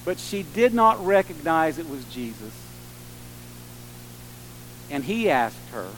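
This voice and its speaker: A man preaching a sermon in an earnest way, rising to strong emphasis and dropping to soft, slow passages. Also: high voice, big pitch swings, slight background noise, low-quality recording. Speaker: pastor.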